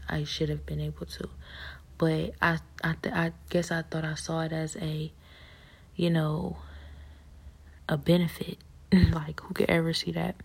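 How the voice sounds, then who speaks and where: Woman, husky gravelly voice, soft halting half-whisper, personal faith testimony. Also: low voice.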